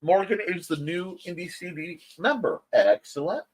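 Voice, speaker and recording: A man hosting a casual morning livestream, chatting with viewers and reading out their comments with quick asides. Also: high voice. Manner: lively, chatty, quick asides and self-corrections. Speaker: morning show host.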